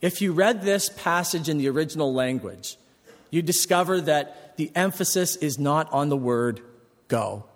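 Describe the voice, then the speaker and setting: A man preaching a sermon as a pastor, animated and climbing to emphatic peaks as he explains his point. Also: high-pitched. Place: church sanctuary. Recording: long reverb of a church hall.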